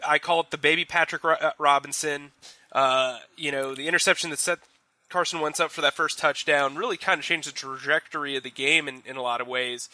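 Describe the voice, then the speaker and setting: A young man co-hosting a casual sports analysis chat, talking in quick animated bursts with frequent restarts. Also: a little high, no room sound. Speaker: sports reporter co-host.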